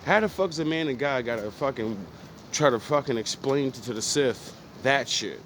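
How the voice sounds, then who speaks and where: A man from New Jersey giving an intense, profane motivational talk in street slang, at times rising to pleading shouts. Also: medium pitch, normal speed, slight background noise. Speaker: motivational speaker. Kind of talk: passionate monologue.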